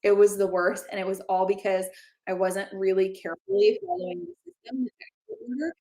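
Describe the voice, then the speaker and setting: A woman co-hosting a casual chat, a lively storyteller who acts out quoted lines. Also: medium pitch, a little fast, roomy sound. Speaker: co-host.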